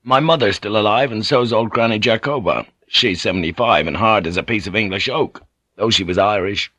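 A man playing a weary English sea captain with a low, grounded voice. He talks earnestly and plainly, close to the mic in a dry studio read. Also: brisk, fairly bright tone, no echo. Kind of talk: audiobook character reading.

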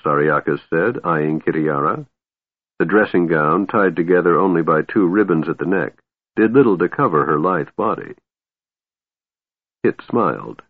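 Ein Mann mit tiefer, lebhaft betonter Stimme liest ein Hörbuch vor, trockener, telefonartig enger Klang. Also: male voice, deep voice, moderate pace, no room sound. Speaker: audiobook narrator. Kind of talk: scripted narration. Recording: narrow phone-like sound, dry.

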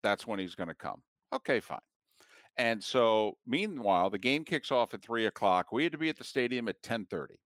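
A man's voice: medium pitch, expressive, normal speed, fairly bright tone, dry recording, studio quality. A man chatting casually, giving brief, agreeable replies. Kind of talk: casual chat.

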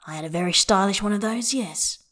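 A woman voicing a gruff but gentle grown man who speaks plainly with a dry, wry edge. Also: mid-range voice, fairly quick, natural voice. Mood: wry fond.

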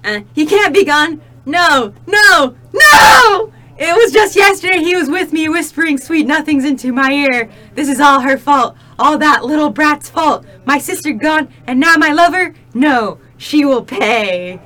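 A woman's voice: high-pitched, a little slow, few pauses, raised voice, heavy background noise. A woman reading as a lovesick green witch. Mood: melodramatic. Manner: overwrought mock-dramatic reading. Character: lovesick grown green witch, melodramatic heroine. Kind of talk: comic dramatic reading of fan fiction.

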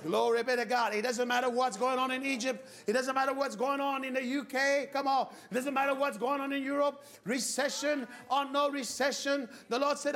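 A man preaching a fervent sermon to a congregation, exhorting them, often shouting and leading call-and-response. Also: extremely high pitch, little pitch movement, a little fast, hardly any pauses. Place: church with a congregation. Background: faint congregation.

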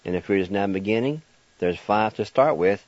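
A man leads a radio language lesson in a low voice, unhurried and very patient. He spells words out letter by letter and repeats each syllable. The sound is dry and a little dull, like an old broadcast. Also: animated, a little mellow, no echo. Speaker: language teacher and radio host.

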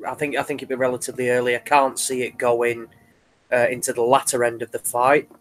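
A man in casual podcast chat about boxing, speaking in a measured way with frequent restarts. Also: mid-range voice, little pitch movement. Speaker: podcast co-host.

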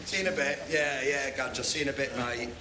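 A man's voice: mid-range voice, steady tone, quick pace, noisy background, natural voice. An actor playing a distraught young man, raw and tearful, confronting a friend who betrayed him. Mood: despairing. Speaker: film character. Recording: echoey film audio with ambience.

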